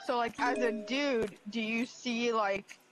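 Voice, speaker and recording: A woman's voice: on the high side, fairly even intonation, slow pace, poor audio. A woman co-hosting a let's play, chatting in a rambling way full of "like". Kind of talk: casual gaming banter.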